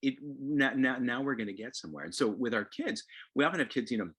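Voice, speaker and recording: A man giving a lively talk on parenting, animated, acting out quotes and often repeating words. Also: medium pitch, fast talker, breathy edge. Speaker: co-presenter on parenting.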